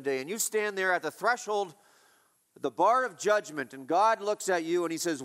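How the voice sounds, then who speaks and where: A man's voice: high voice, animated, moderate pace, fairly bright tone. A male pastor preaching a sermon, emphatic and repetitive, asking his listeners rhetorical questions.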